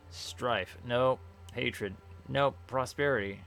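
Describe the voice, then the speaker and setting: A man's voice: medium pitch, slow pace, long pauses, fairly bright tone. A man casually commenting on a game as he plays, rambling and correcting himself while reading the game's questions aloud. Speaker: streamer playing a game. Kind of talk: casual let's-play commentary. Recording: faint game music behind.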